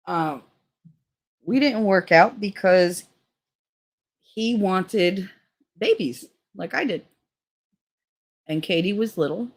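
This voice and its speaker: A woman hosting a casual livestream, telling frank, profane stories and reading out chat comments. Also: low voice. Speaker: streamer host.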